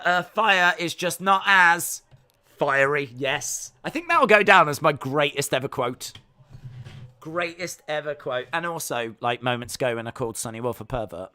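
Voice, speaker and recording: Man, Midlands accent, live-stream host, joking banter, crisp bright voice. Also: fairly high pitch, a little slow. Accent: English Midlands. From England. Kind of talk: live watch-along commentary, reading chat.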